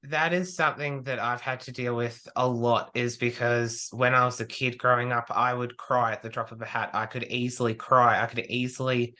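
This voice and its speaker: A man, a podcast guest, talking casually and telling animated stories in which he acts out his own remarks. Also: medium pitch, normal speed, hardly any pauses. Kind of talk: casual conversation.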